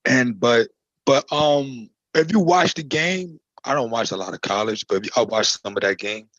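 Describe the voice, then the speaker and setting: A man's voice: medium pitch, moderate pace, fairly bright tone, no echo. Rambling man on dull lo-fi call audio. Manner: rambling, restarts often. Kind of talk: casual video call chat. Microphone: video call.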